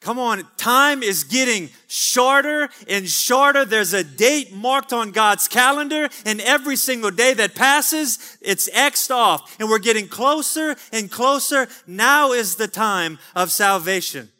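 A man preaches a fervent sermon from the pulpit. His voice sits high and rings out bright and forceful, and it carries a long church reverb behind it. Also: expressive, a little slow, few pauses. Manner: fervent preaching with calls of amen. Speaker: pastor. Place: church sanctuary.

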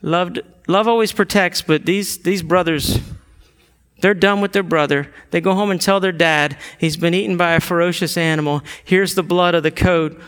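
A man preaching a sermon, retelling scripture stories and acting out the quotes, building to loud emotional peaks. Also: high voice, fairly even intonation, moderate pace, clean tone. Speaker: pastor.

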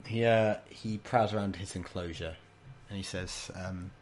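A man narrating a tabletop game as game master, halting with many fillers. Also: deep voice, steady tone, a little mellow, a little hiss or hum.

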